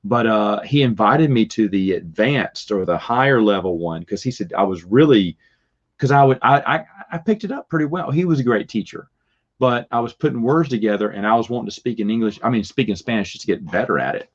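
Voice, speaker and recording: A man's voice: on the low side, brisk. A middle-aged man telling rambling stories with restarts and little chuckles. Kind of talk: casual storytelling. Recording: dull lo-fi recording.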